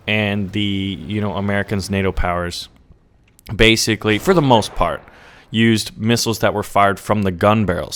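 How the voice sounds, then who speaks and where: A young man talking over gameplay as a channel host, chatty and excitable, rambling and often checking in with "right?". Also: on the low side, clear, resonant tone.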